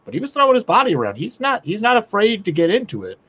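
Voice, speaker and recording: Another co-host on the casual hockey podcast, he has a high, fairly bright voice with a breathy edge, huge swings in pitch, and a quick pace. His take on how the team should play is blunt and full of swearing.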